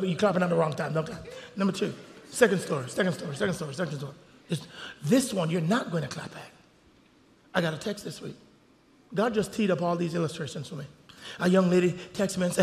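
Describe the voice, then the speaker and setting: A male pastor preaching a sermon, swinging from hushed storytelling to shouted preaching. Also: sits high, quick pace, vocal fry, pauses often, in a large hall. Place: church sanctuary.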